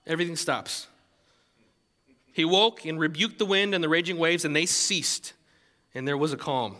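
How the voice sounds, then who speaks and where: High, bright-voiced man preaching. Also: measured pace, long pauses, in a large hall. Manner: animated, conversational preaching with restarts. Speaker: pastor. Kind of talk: sermon.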